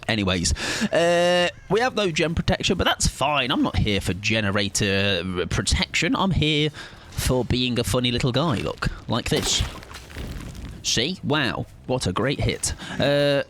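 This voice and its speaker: A man streaming a game with casual, jokey commentary, often jumping into squealing high-pitched bursts. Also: big pitch swings, moderate pace, fairly bright tone.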